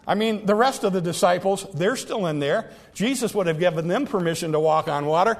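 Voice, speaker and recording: A man with a notably high voice preaches a sermon, working through numbered points one by one. He acts out quoted words with growing force. He sounds middle-aged. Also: lively intonation, a little fast, few pauses.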